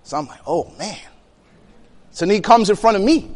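High-voiced man telling a story in a hall. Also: rapid-fire. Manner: animated, acts out quotes, laughs between lines. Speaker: speaker telling a personal story. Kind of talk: storytelling talk.

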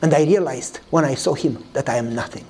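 A man preaching a sermon, telling a story and acting out the dialogue with lively voices. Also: a little fast. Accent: Eastern European. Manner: animated storytelling, acts out dialogue in a higher voice.

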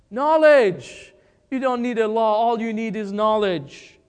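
Slow, high-voiced preacher in a reverberant hall. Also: male voice, clear, resonant tone. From Republic of the Congo. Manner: emphatic, rhetorical questions, dramatic pauses. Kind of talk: sermon. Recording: long church-hall reverb.

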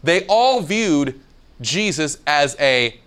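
This Bible seminar teacher has a fairly high, smooth voice and a slow delivery. He addresses a live audience with animation, quizzing them and dramatizing the lines he cites.

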